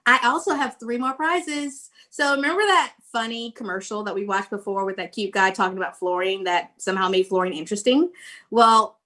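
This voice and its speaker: A woman's voice: mid-range voice, a little fast, bright, forceful tone. A middle-aged woman hosting a virtual conference live-stream with giveaways, talking in an effusive way and laughing often.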